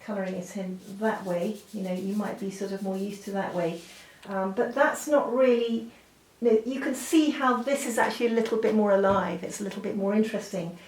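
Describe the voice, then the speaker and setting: A woman's voice: mid-range voice, steady tone, a little fast, few pauses, a little mellow. A woman giving a drawing lesson, chatty and full of fillers, often breaking off with apologetic asides. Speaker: art teacher. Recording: roomy, from a distance, faint noise.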